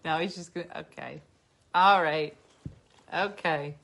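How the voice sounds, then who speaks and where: A podcast host with a New Jersey accent chats casually, sounding a little tipsy as she coos sing-song at her dogs. Her voice sits low and creaky with a fairly bright tone, unhurried, over a slight hiss or hum.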